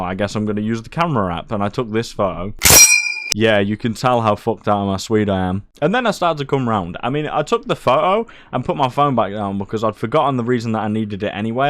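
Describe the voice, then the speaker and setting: A man's voice: mid-range voice, dry recording. A young man tells a personal story in a casual, crude and jokey way, swearing freely. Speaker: streamer.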